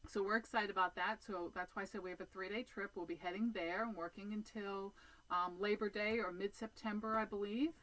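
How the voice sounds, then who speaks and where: A woman's voice: medium pitch, steady tone, a little fast, fairly bright tone, poor audio. Chatty woman vlogging outdoors. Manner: chatty and rambling, with many "um"s and restarts. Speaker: cross-stitch vlogger. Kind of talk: casual vlog chat. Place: sitting outdoors.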